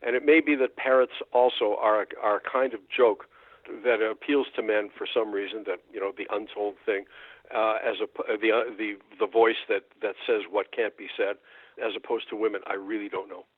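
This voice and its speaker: A man, a folklorist, talking thoughtfully in a radio interview, often pausing and restarting. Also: on the low side, little pitch movement, no room sound. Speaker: folklorist guest. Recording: dry tinny phone line.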